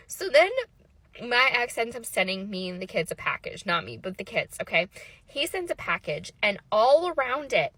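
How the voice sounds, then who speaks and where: A woman telling her own story in a casual storytime monologue, animated and exasperated, swearing freely and laughing at the absurd parts. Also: medium pitch, normal speed, slightly rough, no room sound.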